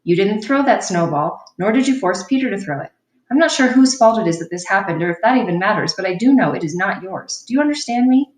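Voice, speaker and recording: A woman reading a gentle, caring mother. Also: mid-range voice, expressive, fast, natural voice. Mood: tender. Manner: gentle, reassuring, firm when pressed. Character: caring middle-aged mother comforting her daughter. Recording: roomy sound from a distant mic.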